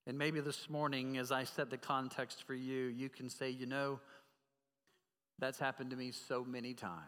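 A man's voice: mid-range voice, level tone, moderate pace, a bit bright, big-room sound. A man preaching a sermon as pastor, earnestly asking the congregation direct questions.

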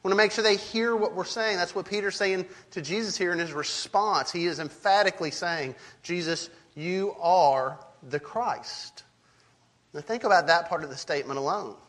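A man's voice: high voice, fairly quick, a bit bright. A middle-aged man preaching a sermon as pastor, earnest and emphatic, often repeating a word as he starts a sentence.

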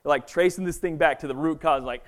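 A man's voice: on the high side, quick pace. A man giving a casual, conversational sermon, often checking in with the listeners with "right?". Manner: conversational, filler-heavy, keeps asking "right?". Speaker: pastor.

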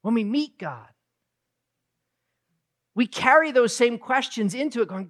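Preacher, sermon, hushed then booming, emphatic storytelling. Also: expressive, measured pace. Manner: builds from low, quiet reflection to loud, emphatic storytelling.

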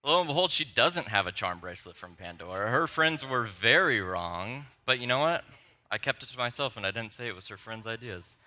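A young man preaching a sermon, telling personal stories in a conversational, animated way. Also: on the low side, moderate pace. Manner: storytelling, animated and conversational, with laughs. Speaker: pastor.

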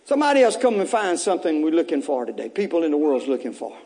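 The man's voice is on the high side, sing-song and mellow, and he moves at a quick pace while preaching an Easter sermon. He urges the congregation with repeated phrases, tosses in casual jokes, and preaches in a repetitive, exhorting manner with bursts of raised intensity.

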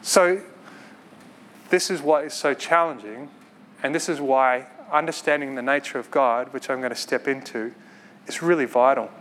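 A man preaching a sermon in an earnest, conversational way, with quick asides and light laughs. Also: medium pitch, a bit bright, a little hiss or hum.

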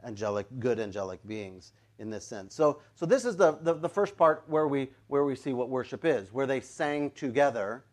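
A man preaching a sermon in a jokey, animated way, breaking into playful shouts. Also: mid-range voice, moderate pace, few pauses. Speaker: pastor.

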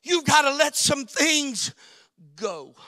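A man preaching a sermon, swinging from shouted peaks down to hushed, near-whispered lines. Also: very high voice, lively intonation, slow, long reverb tail. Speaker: pastor.

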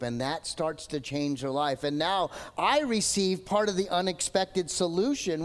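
A man preaching a sermon in a church, telling stories and acting out quoted voices. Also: high voice. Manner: animated storytelling, acts out quoted voices. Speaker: pastor. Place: church sanctuary. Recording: long hall reverb.

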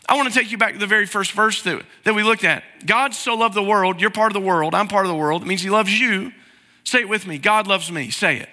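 High-voiced bright pastor in a reverberant hall. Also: male voice, lively intonation, fast talker. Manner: conversational, asks the congregation to repeat after him. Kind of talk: sermon. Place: church sanctuary.

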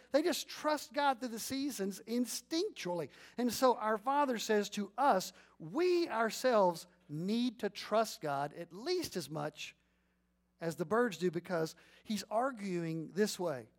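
A middle-aged pastor whose male voice sits notably high preaches an animated sermon. He acts out small scenes in bursts of storytelling, then slows down to guide the congregation through a responsive reading, everyone reading aloud together.

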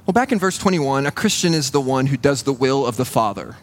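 A man preaching a sermon in a church, earnest and building to a hushed intensity on key points. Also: medium pitch, expressive, fairly quick. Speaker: pastor.

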